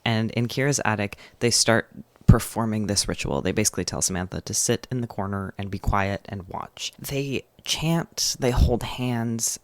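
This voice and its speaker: A man's voice: lowish voice, no echo. Chatty man summarizing a novel. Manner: chatty, frequent "like" fillers, enthusiastic. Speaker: book vlogger. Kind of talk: casual book summary and review.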